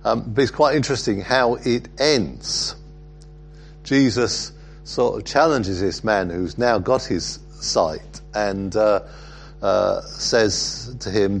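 A man preaching a sermon, reflective and halting, with frequent fillers. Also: on the low side, creaky, soft background music.

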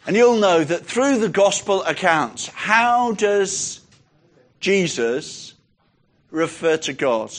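A man with a high voice preaches a sermon. He is emphatic and poses rhetorical questions, drawing out the key phrases slowly. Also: sing-song.

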